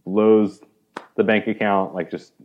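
In a conversational interview explaining a parable, a man with a lowish voice tells the story with animation, acting out quoted speech and saying "like" a lot. He speaks a little slowly, and the sound is phone quality.

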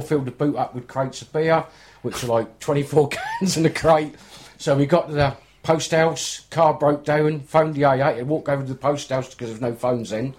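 A man's voice: mid-range voice, a little mellow. An older man on a football chat show, spinning a chatty anecdote and acting out both sides of the dialogue. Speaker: guest panellist.

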